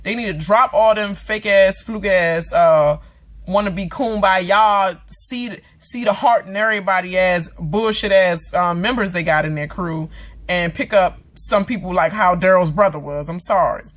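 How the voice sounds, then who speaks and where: A woman's voice: on the low side, a little slow. A woman talking straight to her viewers in a loose, chatty rant. She is dramatic and swears freely, drops lots of fillers and asides, and slips into voices for the characters she describes. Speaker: vlogger reviewing a TV episode. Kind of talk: casual reaction rant.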